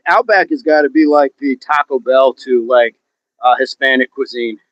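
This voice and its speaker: A man's voice: medium pitch, moderate pace, a bit bright, no echo. A man hosting a fitness livestream outdoors, chatting casually and joking as he reads viewer comments. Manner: joking, chatty, laughs often. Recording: dull, dry, lo-fi sound.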